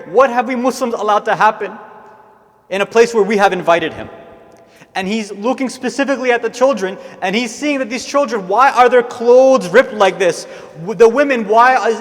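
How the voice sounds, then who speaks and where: A man's voice: high-pitched, a bit bright. A man delivering a sermon, moving into an impassioned, mournful retelling. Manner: rising to impassioned, tearful recounting. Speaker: speaker at an Islamic centre. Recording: long hall reverb.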